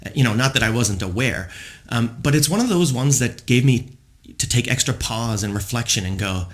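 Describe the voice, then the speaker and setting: A man's voice: medium pitch, animated, brisk. A man in his forties hosting a podcast, telling personal stories in a rambling, reflective monologue full of fillers. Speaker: podcast host.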